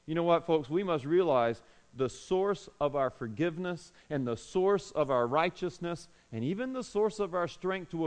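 A man preaching a sermon in an earnest, emphatic way, with pauses and restarts. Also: a little high. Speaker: pastor.

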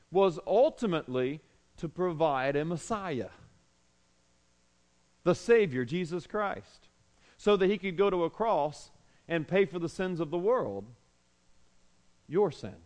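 A man preaching a sermon in an earnest, emphatic way, with pauses and restarts. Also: high-pitched, darkish tone. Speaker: pastor.

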